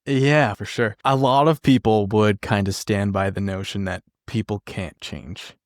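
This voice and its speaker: Low-voiced easygoing male podcast host. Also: fairly even intonation, measured pace, no echo, studio quality. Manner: easygoing, brief reactions and open questions. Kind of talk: interview questions.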